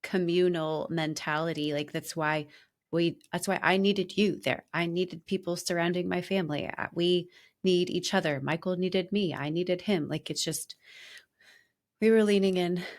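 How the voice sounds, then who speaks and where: Woman podcast host, animated storyteller. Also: lowish voice, normal speed. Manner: animated, laughing storyteller with many restarts. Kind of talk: casual conversation.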